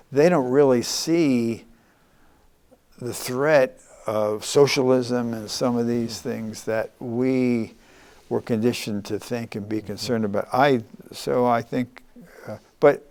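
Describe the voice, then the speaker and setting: Older man, earnest interviewee, halting delivery with frequent restarts. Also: medium pitch, a little mellow. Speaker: former congressman, guest.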